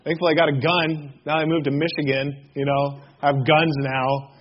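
A man's voice: fairly high pitch, normal speed, muffled recording, slight background noise. A man preaching a sermon to his congregation, joking and acting out little scenes, often asking the room questions. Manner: jokey, animated storytelling with acted-out voices; addresses congregation directly with questions. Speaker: pastor.

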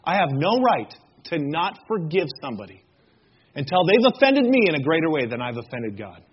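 High-voiced, husky male preacher. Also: brisk, dull audio. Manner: jokey, animated storytelling with acted-out voices; addresses congregation directly with questions. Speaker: pastor. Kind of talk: sermon.

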